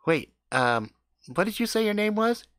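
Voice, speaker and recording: A man's voice: sits high, sing-song, moderate pace, a bit bright, no echo, studio quality, pitched above the performer's own voice. A man voicing an awkward, eager nerdy teenage boy in a spoken story.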